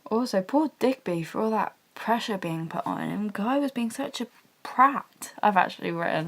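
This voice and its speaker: Soft-spoken girl with gravelly fry. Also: medium pitch, lively intonation, moderate pace. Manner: gushing fan, chatty, rambling with fillers; speaking quietly. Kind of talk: casual TV review vlog. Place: bedroom at home.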